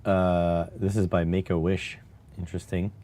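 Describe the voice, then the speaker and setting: Man, very low voice, mellow tone, relaxed casual stream chat, wry asides. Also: moderate pace. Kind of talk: casual live-stream chat while typing.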